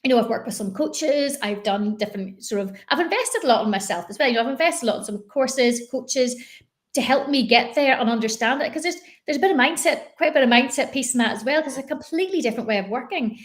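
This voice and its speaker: A woman's voice: sits high, quick pace. Chatty Northern Irish woman coach. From Northern Ireland. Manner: chatty, animated, many fillers and restarts. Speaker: guest, business coach. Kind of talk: conversational interview.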